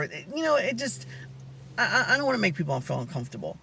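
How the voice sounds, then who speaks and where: A man with a soft, feminine-sounding voice telling a rambling story in a casual vlog chat. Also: a little high, racing, vocal fry, slightly rough. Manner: rambling, animated storytelling with many asides. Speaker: vlogger.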